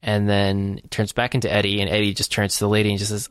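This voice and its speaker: A man with a fairly low voice rambles through a movie plot, stopping for uhs and restarts. He sounds like a podcast co-host in casual chat. The recording is dry and close. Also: little pitch movement, brisk, bright, forceful tone, clear, resonant tone, dry recording. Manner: rambling, filler-heavy storytelling.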